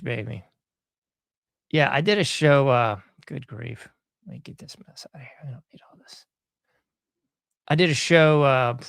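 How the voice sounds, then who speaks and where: A man's voice: medium pitch, vocal fry, no room sound, clean studio sound. A man hosting a podcast in casual commentary, folksy and sarcastic, often chuckling. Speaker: podcast host.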